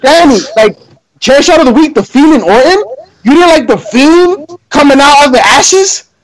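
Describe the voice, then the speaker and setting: A man's voice: very high-pitched, lively intonation, normal speed, rough recording. A man co-hosting a wrestling podcast, chatting casually and joking with many restarts. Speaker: podcast co-host.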